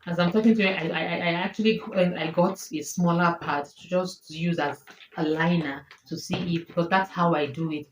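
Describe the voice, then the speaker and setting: A woman's voice: on the low side, fairly even intonation, normal speed, muffled recording. A woman in her thirties with a Nigerian accent, talking emotionally and repeating herself as she tells viewers about her health in a personal vlog. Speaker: vlogger. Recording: echoey room, faint noise.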